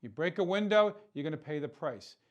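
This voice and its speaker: A man's voice: a little high, expressive, fairly quick. A man hosting a political talk show, delivering an impassioned commentary monologue full of rhetorical questions and repeated words for emphasis.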